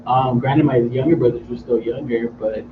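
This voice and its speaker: A man's voice: medium pitch, steady tone, normal speed. A man in a radio chat show who answers in an easygoing way full of fillers. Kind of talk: casual chat. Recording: distant muffled mic with clear hiss.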